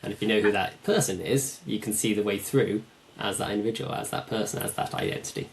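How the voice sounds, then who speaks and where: A man with a low, gravelly voice hosts a podcast conversation. He speaks reflectively and builds his points in repeated phrases. Faint hiss sits under his voice. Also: quick pace. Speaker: podcast host.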